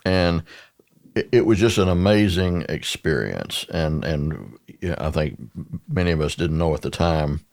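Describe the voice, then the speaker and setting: A man's voice: a bass voice, expressive, a little slow, vocal fry, darkish tone. An older man, a podcast guest, telling stories in a rambling conversational way with many restarts. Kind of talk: conversational storytelling. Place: radio studio.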